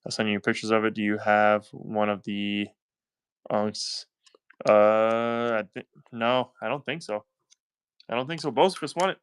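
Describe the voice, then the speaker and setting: A man's voice: fairly low pitch, little pitch movement, a little slow, long pauses, fairly bright tone, clear, resonant tone, no room sound. Upbeat Southern man running auctions. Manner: upbeat, chatty, thanks buyers by name. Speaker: live-stream coin auction host. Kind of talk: live auction selling patter.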